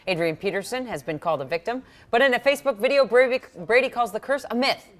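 A woman's voice: a little high, expressive, fast talker. A woman co-hosts a TV morning show from the studio. She reads a short item and then teases her guest in wry banter. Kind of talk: casual news chat. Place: TV news studio.

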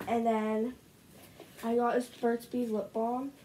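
A teenage girl filming a casual haul video at home, gushing over each item with lots of "like" and "so good", her voice a little rough. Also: a little high, little pitch movement, slow, dark tone, slight background noise, poor audio. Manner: gushing, bubbly, heavy use of "like". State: slightly rough voice. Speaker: vlogger. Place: at home, indoors. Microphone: camera set up in front of her.

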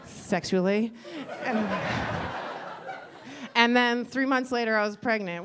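A woman's voice: a little high, slow, noisy background. A middle-aged woman doing a stand-up comedy set on a club stage, rambling and self-deprecating, acting out quotes. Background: audience laughter.

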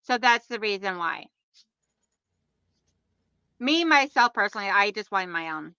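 Bright, crisp-voiced woman streamer. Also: mid-range voice, lively intonation, a little slow, dry recording, lo-fi sound. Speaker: livestream host. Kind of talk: casual chat on a sewing livestream.

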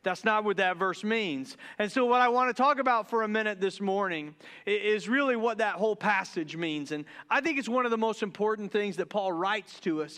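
Excitable pastor, high smooth voice. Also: male voice. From Deep South of the US. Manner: joking, excitable, stumbles and restarts. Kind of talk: casual sermon. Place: church sanctuary.

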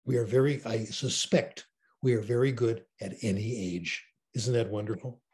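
An older man on a video call, an enthusiastic, animated storyteller in a conversational interview. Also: mid-range voice, normal speed. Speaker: interview guest.

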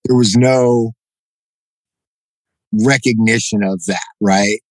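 In a casual storytelling interview, a middle-aged jiu-jitsu black belt appears as a podcast guest, speaking slowly in a lowish voice. The audio is poor but echo-free. He acts out the dialogue with animation and keeps tossing in "you know" and "right?".

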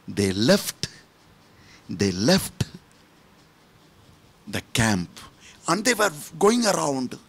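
Slow, animated preaching man. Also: creaky. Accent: Indian English. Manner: emphatic, rising to high-pitched exhortation. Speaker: priest. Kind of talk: sermon.

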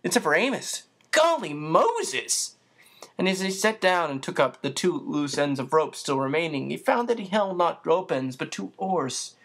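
A steady audiobook narrator reading a chapter of a children's novel. The delivery is even and unhurried, in a middle-pitched voice. Occasional small slips are left in. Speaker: audiobook reader.

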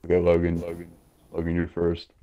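A young man with a very low, deep voice runs a silly accent game on a live gaming stream. He reads the prompts aloud and bosses his friends around in a playful, teasing way. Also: monotone, brisk, mellow. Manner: playful, bossy game leader reading prompts. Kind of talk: casual gaming stream chat.

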